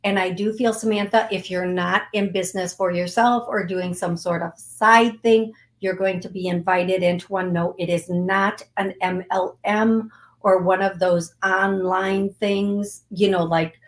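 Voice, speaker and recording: A woman's voice: medium pitch, fairly even intonation, measured pace. A middle-aged woman hosting a live psychic reading show, coaxing and emotional, repeating her phrases as she guides a healing. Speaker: psychic medium host.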